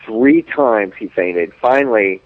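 A man's voice: lowish voice, lively intonation, slow pace, narrow, tinny audio. A man telling blunt, graphic stories on a radio talk show. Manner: blunt, graphic, unashamed storytelling.

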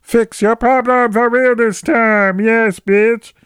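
A woman's voice: a little high, fairly even intonation, slow, smooth, no room sound, clean studio sound, voice pushed up. A man doing a gushing, chirpy phone service agent lady. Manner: gushing, sing-song reassurance. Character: overly cheerful female phone service agent.

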